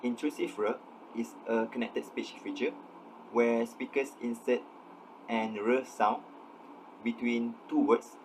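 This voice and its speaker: A young man giving a scripted academic presentation on pronunciation, measured and explanatory as he reads through examples. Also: mid-range voice, fairly even intonation, slight background noise, low-quality recording. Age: young adult. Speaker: student presenter.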